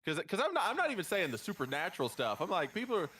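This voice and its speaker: A man's voice: high-pitched, wildly swooping pitch, very fast, sharp tone, a little hiss or hum. A man chatting casually, joking around and swearing freely. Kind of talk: casual chat.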